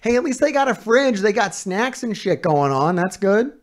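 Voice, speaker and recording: A man's voice: sits high, very animated, normal speed. A man reacting to a video as a streamer, ranting in casual, heavily profane and exasperated commentary.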